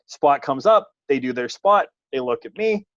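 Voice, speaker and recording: This man speaks at a moderate pace in a voice on the high side. A wrestling referee, he's telling a funny story in laid-back podcast chat, animated and self-deprecating. The podcast audio is dull, lo-fi and dry.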